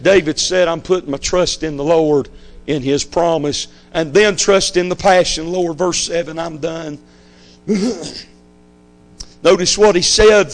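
A man's voice: fairly high pitch, unhurried, soft background music. A man preaching a fiery sermon, emphatic and repetitive, hammering his points home. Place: church sanctuary.

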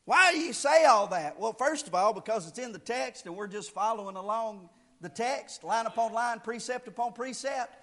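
A man preaching a fiery sermon, shouting key lines and then dropping low to explain, repeating phrases for emphasis. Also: expressive, normal speed.

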